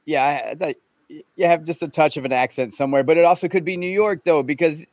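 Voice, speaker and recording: A man's voice: a little high, fast, no echo. A man from California co-hosting a podcast, easygoing and agreeable in casual chat. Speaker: podcast co-host.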